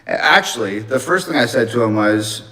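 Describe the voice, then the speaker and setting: A man's voice: medium pitch, moderate pace, rough recording. A man telling a long personal anecdote on a livestream in a casual, rambling way with plenty of swearing. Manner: profane, rambling, animated retelling. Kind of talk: casual storytelling.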